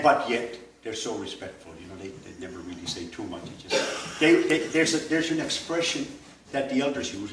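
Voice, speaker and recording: An older man from Nova Scotia teaches a language workshop in a loose, anecdotal way, with plenty of fillers. His mid-pitched voice comes from off the mic in an echoey room. A faint hum sits underneath. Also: far from the mic. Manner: digressive and anecdotal, with frequent fillers and chuckles. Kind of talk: informal classroom lecture.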